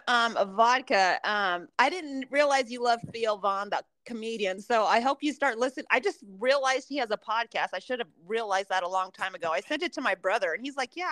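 A woman in her forties co-hosting a podcast, chatting casually and swearing freely as she tells animated stories. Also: on the high side, a little fast, hardly any pauses, no room sound. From American. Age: 40s. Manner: profane, animated storytelling. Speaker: podcast co-host. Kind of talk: casual chat.

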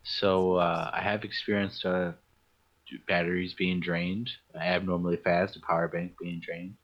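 A man on the team describing his experiences in a hesitant way, with many pauses and fillers. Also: deep voice, level tone, dull audio. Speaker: team member.

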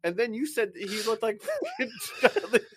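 A man's voice: extremely high pitch, wildly swooping pitch, normal speed, a crowd in the background. A young man from Vermont co-hosting a podcast, playful and laughing often in casual chat.

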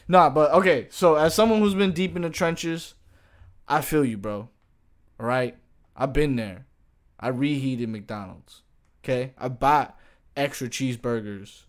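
A man and streamer ranting jokingly to camera in a casual, profane, slang-heavy way. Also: mid-range voice. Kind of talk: casual comedic rant to camera.

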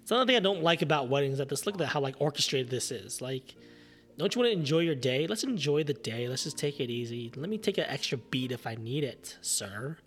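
A man's voice: mid-range voice, animated, brisk, fairly bright tone, faint music behind. A man hosting a podcast, giving casual, sarcastic running commentary on a film and laughing often. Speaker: podcast host. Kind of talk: casual watch-along movie commentary.

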